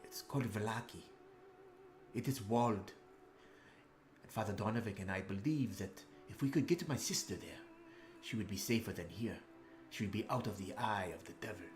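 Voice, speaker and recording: A man voicing a solemn, protective older brother who speaks slowly and formally, pleading for help. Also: fairly low pitch, expressive, faint music behind, lightly acted. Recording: roomy echo.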